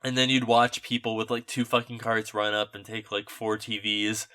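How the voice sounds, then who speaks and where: A man's voice: on the low side, little pitch movement, normal speed, sharp tone, smooth. A young man chatting on a podcast, telling stories in a rambling way with lots of fillers and casual swearing. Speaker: podcast host. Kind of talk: casual chat.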